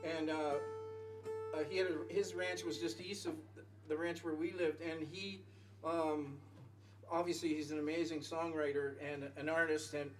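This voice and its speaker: A man on stage at a small music venue, telling a rambling story between songs and breaking into laughter at his own punchlines. His voice sits a little high and is picked up from some distance away. Soft instrument sounds hang behind him. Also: flat delivery, moderate pace. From Canada.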